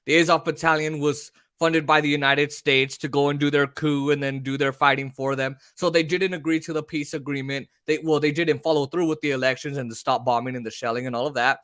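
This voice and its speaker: A man hosting a casual talk show, rambling and animated as he argues his point. His voice sits a bit high for a man. The sound is dry and close, with no room around it. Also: brisk, hardly any pauses, no room sound. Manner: animated, rambling, mimics voices mid-rant. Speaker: podcast host.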